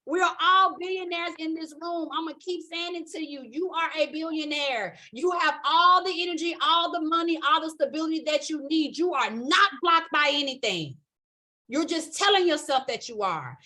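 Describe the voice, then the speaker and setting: Woman, high voice, astrology teacher, live spiritual class, emphatic, preachy, repetitive, constant "okay?" check-ins. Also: expressive, normal speed, sharp tone.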